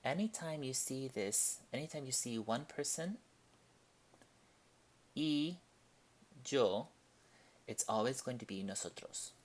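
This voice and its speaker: A man leads a language lesson at an unhurried, measured pace. His pitch sits in the ordinary middle range for a man. He explains each point deliberately and reads out example sentences with care. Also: lively intonation. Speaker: Spanish teacher. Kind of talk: classroom-style language lesson.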